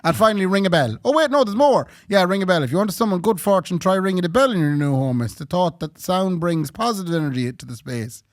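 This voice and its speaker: A man with an Irish accent co-hosting a podcast, giving quick, brief replies and giggling in casual chat. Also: high-pitched, animated, no echo, studio quality. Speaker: podcast co-host.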